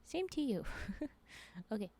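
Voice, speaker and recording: Mellow-voiced woman streamer, playful and chatty. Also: sits high, sing-song, a little slow, vocal fry. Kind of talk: casual chat while gaming.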